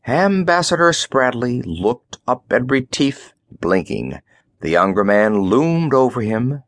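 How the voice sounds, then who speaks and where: Male audiobook narrator, lively intonation, dry close studio sound. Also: mid-range voice, unhurried, dry recording. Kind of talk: scripted narration.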